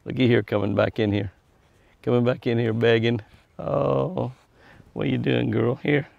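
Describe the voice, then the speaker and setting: A folksy man with a gravelly edge to his voice, coaxing deer to come eat out of his hand. His words sound dry and close, with no room around them. He chats easily to the animals and to his viewers. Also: mid-range voice, steady tone, measured pace, a little mellow, no room sound, muffled recording. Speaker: deer ranch vlogger. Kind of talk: casual talk to animals and viewers. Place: outdoors at a deer pen.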